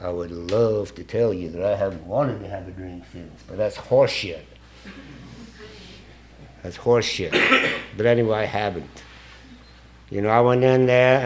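An older man holding the floor at a meeting, talking straight and salty with plenty of swearing. He is self-mocking and plain-spoken, at a middle pitch, dropping low and quiet, then climbing loud and laughing. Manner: blunt, profane, self-mocking. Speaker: speaker sharing at a recovery meeting. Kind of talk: storytelling speech to an audience.

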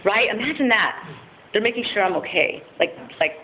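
A woman's voice: mid-range voice, lively intonation, normal speed. A woman giving a candid personal testimony at a recovery meeting, frank and self-mocking, laughing often and swearing casually. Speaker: speaker sharing at a recovery meeting. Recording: tinny phone-like audio with faint noise.

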